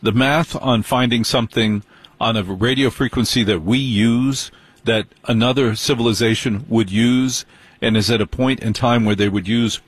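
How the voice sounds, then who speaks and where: A man hosting a radio talk show, musing and speculating in an unhurried way. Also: medium pitch, husky, dry recording.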